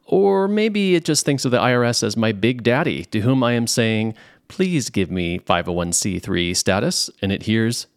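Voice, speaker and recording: A man with a Southern California accent, hosting a podcast and reading out a joking letter in a playful, animated way. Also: on the low side, dry recording, studio quality. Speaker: podcast host.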